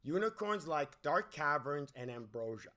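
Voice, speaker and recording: Male movie critic, high bright voice, lively swings in pitch, exasperated rant with frequent restarts. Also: moderate pace. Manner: exasperated, repeats words and restarts often. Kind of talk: ranting movie review.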